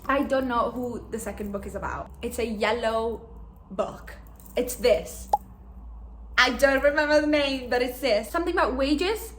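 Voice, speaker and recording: Young woman, raised pitch, chatty and rambling, roomy echo. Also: measured pace, a bit bright, a little hiss or hum. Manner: chatty and rambling, many "like" fillers, laughs often. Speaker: book vlogger. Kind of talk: casual chat.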